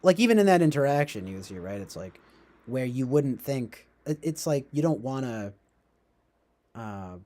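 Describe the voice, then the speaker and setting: A man's voice: mid-range voice, lively intonation, normal speed, a little mellow. Rambling young man, livestream host. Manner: rambling, heavy with fillers and self-corrections; chuckles often while talking. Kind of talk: casual rambling livestream talk.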